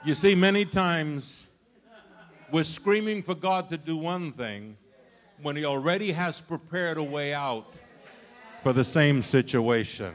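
An older man, a grandfather, preaching a sermon with dramatic storytelling that swings from loud outbursts to hushed asides. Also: on the high side, lively intonation, measured pace. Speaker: pastor.

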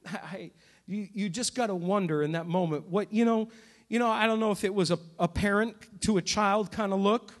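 A man's voice: sits high, steady tone, normal speed. A man preaching a sermon as pastor, passionate and repetitive in his delivery.

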